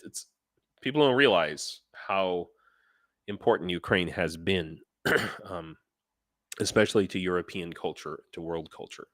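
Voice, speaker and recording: Man, live-stream host, casual rambling talk, lowish voice, dry close sound. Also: pushed and bright, dry recording. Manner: rambling, restarts sentences, answers viewers' chat by name. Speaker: teacher.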